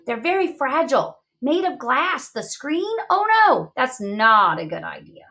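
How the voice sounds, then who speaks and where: A fairly high-voiced woman leads a reading lesson for young children. She thinks aloud about the text and reacts with big, expressive surprise. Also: unhurried, hardly any pauses. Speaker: teacher.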